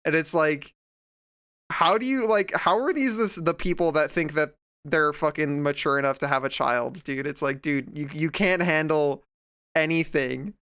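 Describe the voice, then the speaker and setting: A man's voice: fairly high pitch, normal speed, a bit bright, clean tone. A young man streaming while drawing, chatting casually and ranting sarcastically at a desk microphone. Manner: sarcastic, ranting, mocking voices of others.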